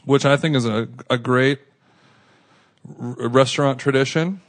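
Mid-range in pitch and measured in pace, a man co-hosting a podcast rambles through a casual anecdote. He restarts frequently and brings it to life with acted-out quotes.

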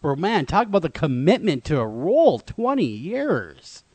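Animated man co-hosting a podcast. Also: on the high side, fairly quick, breathy edge, no echo. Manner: animated, exclamatory questioning. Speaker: podcast co-host. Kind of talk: casual interview conversation.

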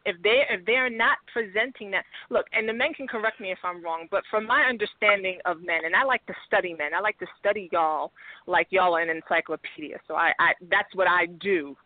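A woman's voice: medium pitch, fairly quick, no room sound. Confident woman lecturing like a coach, tinny phone-line sound, dry. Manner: confident, instructive, lecturing women on men. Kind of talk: casual podcast chat.

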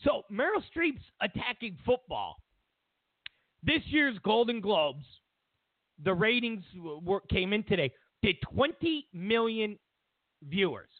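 A man hosting a talk show, giving opinionated political commentary in an animated, rambling way, with restarts and mocking quoted voices. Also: sits high, slow pace, no echo. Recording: dry, phone-like narrow sound.

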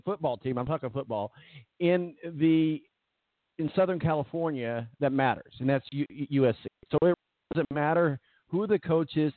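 A man's voice: fairly high pitch, no room sound. A man co-hosting a sports talk show, chatting casually and joking, rambling into asides. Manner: jokey, rambling, trails into asides. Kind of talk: casual sports radio banter. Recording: tinny phone-line sound, dry.

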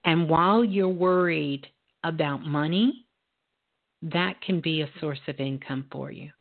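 Woman, call-in radio host, low voice, slow unhurried delivery, narrow phone-like sound. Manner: slow, calm and reassuring. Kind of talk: live call-in reading show.

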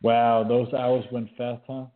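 A man with a Danish accent chats as a podcast guest, relaxed and effusive, with many filler pauses. His voice sits in the middle range. It comes through a thin, phone-like line. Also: mid-range voice. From Denmark. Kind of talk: casual chat.

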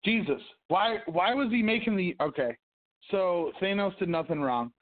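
An expressive, high-pitched man hosts a casual livestream podcast at normal speed, reading the news and the comments while ranting, cursing, and humming to himself. There's no room sound, and the audio has a tinny, phone-like ring.

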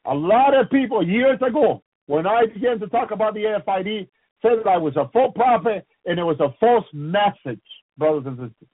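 A man's voice: high-pitched, expressive, a little fast, slightly rough, no echo. A man preaching about the end times on a radio program, fervent and repetitive, breaking in often with praises to the Lord. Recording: tinny phone-like radio broadcast.

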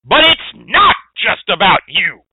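Texan man, radio host, lively pitch, emphatic, repetitive, swearing, tinny dry phone-like sound. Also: takes it slowly, husky, no room sound. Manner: emphatic, repetitive, profane, preachy. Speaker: radio show host teaching hoodoo rootwork. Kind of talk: lecturing radio talk.

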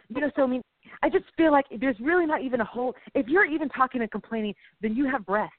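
A woman co-hosting a casual faith talk show, rambling and exclamatory in an animated way. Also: sits high, fast talker, dry recording. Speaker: podcast co-host. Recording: tinny phone-like, dry.

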